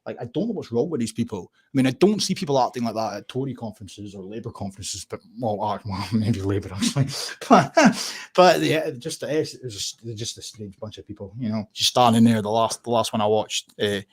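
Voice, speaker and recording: A man's voice: fairly low pitch, animated, fairly quick, breathy edge. A Scottish man hosting a casual livestream, rambling and swearing, laughing often as he clicks through tabs. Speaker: livestream host.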